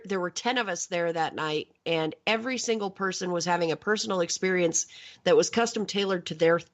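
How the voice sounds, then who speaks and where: A woman, a paranormal investigator, chatting casually in a radio interview about a spooky experience, in lo-fi audio. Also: fairly low pitch. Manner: chatty storytelling, relaxed.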